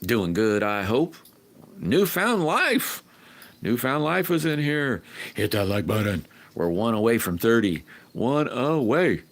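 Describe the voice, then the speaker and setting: Deep slow-talking male livestreamer. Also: expressive. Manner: rambling, friendly, whoops loudly when greeting viewers. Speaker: livestream host. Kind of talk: casual livestream chat reading viewer comments.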